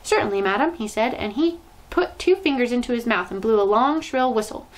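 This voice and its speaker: A woman reads a children's novel aloud as a storyteller. Her voice sits slightly high and she keeps the narration lively and expressive. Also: moderate pace, rough recording.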